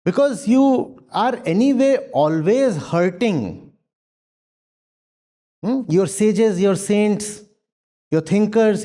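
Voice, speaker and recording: This is a male spiritual teacher's lecture, with audience Q&A, set in a university lecture hall. Emphatic and animated in pitch, his tone stays mellow and warm, and he keeps asking rhetorical questions and repeating phrases for effect.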